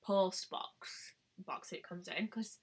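A woman's voice: fairly low pitch, takes it slowly, slightly rough. A woman chatting bubbly on a live stream, greeting viewers by name, recorded on a webcam at home. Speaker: beauty vlogger. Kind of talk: live-stream casual chat.

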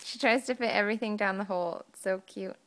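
A young woman filming her baby at home, cooing to her in sing-song baby talk and breaking into cheering shouts, recorded on a handheld camera. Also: medium pitch, fast.

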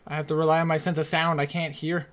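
Speaking into a desk mic as he works through a horror game on his channel, this man mutters to himself, nervous and jumpy. His voice leans high, and he talks at a quick pace in a level tone.

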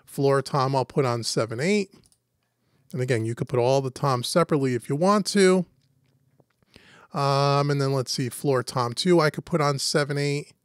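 A man hosting a casual, step-by-step software tutorial. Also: mid-range voice, moderate pace, no echo, clean studio sound. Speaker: host and instructor. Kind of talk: screen-recorded software tutorial.

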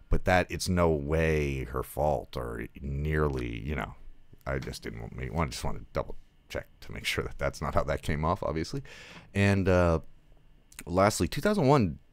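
A man with an extremely deep voice and plenty of vocal fry rambles through a casual film review. He drifts between thoughts, laughs at his own asides and leans on fillers. The sound is dry and close, with no room around it. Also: no echo.

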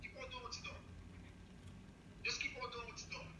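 A man's voice: very high-pitched, level tone, a little fast, background noise. A man with a strong accent, arguing angrily on a phone call, heated and accusing, repeating himself. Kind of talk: angry phone argument. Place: heard over speakerphone in a room. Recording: echoey speakerphone playback.

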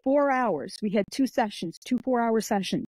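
Here the podcast guest, an author and martial artist, talks at normal speed in a slightly high voice, with no room sound. Her casual interview stories are animated, she impersonates the people involved, and "like" and "I'm like" come up constantly.

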